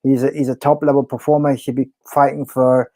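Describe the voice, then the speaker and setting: A man's voice: mid-range voice, little pitch movement, fast, mellow, no room sound. A man co-hosting a wrestling podcast, blunt and opinionated, stammering as he starts his points. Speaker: podcast co-host. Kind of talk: casual wrestling chat.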